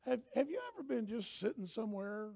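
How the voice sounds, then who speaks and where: An older man preaching a sermon as pastor, telling stories and swinging from hushed asides to loud urging. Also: high-pitched, a little fast, creaky, slightly rough.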